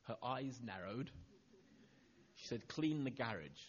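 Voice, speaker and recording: A middle-aged man preaching a sermon, telling a personal story and acting out the dialogue, going soft and low on the tender lines. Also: animated, slow, muffled recording.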